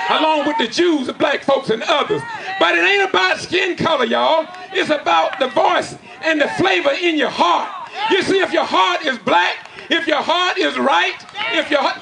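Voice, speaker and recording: A middle-aged man giving an impassioned preacher-style speech, shouting and calling out questions to the crowd. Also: extremely high pitch, vocal fry, background noise. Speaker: community speaker. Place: outdoors at a community gathering. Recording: loud crowd outdoors.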